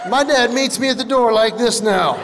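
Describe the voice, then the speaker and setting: A man performing stand-up comedy, telling animated stories and acting out what other people said. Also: very high voice, normal speed. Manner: animated storytelling, acts out other people's lines. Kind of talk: stand-up comedy to a live audience. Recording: hall reverb with faint noise.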